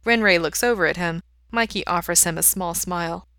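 A woman reading fan fiction aloud in steady, even narration. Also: fairly low pitch, fairly quick, clear, resonant tone, no echo. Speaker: reader.

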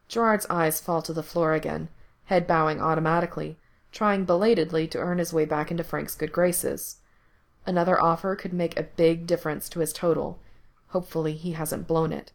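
A woman narrating a story aloud, steady and even as she moves through the scene. Her voice sits low and has a gravelly, fry-edged texture. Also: normal speed. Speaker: reader. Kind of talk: reading explicit fan fiction aloud.

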